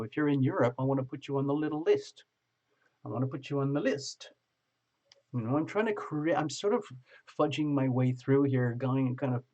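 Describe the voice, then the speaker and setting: A man's voice: mid-range voice, a little mellow, muffled recording. A man hosting a live tarot stream, reading viewer comments aloud and joking as he greets people by name.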